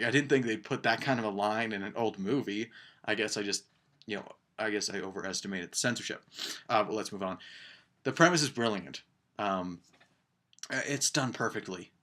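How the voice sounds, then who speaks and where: A man's voice: mid-range voice, fairly bright tone. Rambling young man reviewing a film. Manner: rambling, filler-heavy, enthusiastic. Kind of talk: casual vlog movie review.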